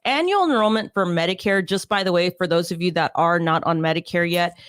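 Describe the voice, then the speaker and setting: A woman's voice: lowish voice, fairly quick, smooth, no echo. Bubbly lady hosting a live stream show, laughs a lot, dry close sound. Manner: bubbly, laughs often, repeats phrases. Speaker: talk show host. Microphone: desk mic on a live stream.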